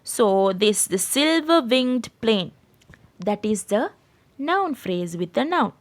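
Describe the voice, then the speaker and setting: A woman's voice: fairly high pitch, big pitch swings, slow. A woman from Sri Lanka teaching an English grammar lesson online, explaining step by step and checking in with "right?" after each point. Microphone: screen-share voice recording.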